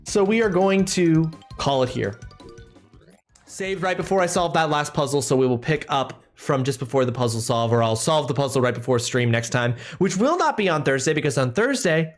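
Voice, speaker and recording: Playful, lively male game streamer. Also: mid-range voice, moderate pace. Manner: playful, jokey, talks to chat. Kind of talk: live game stream commentary. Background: game music.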